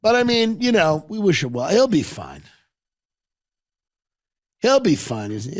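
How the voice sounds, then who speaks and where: A man's voice: high-pitched, big pitch swings, dry recording. Sardonic rambling male podcast host. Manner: sardonic, rambling, quick asides. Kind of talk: comedic podcast monologue.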